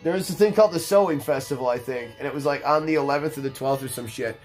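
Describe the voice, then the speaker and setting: Over soft background music, a young man with a medium-pitched voice talks fast while hosting a let's play. He's stoned and laid-back, rambling and swearing through casual gameplay commentary.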